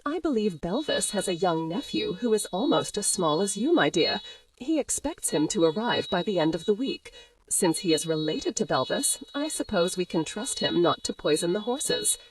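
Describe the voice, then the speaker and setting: A woman's voice: medium pitch, sing-song, normal speed. A woman doing a drawling, mocking lord.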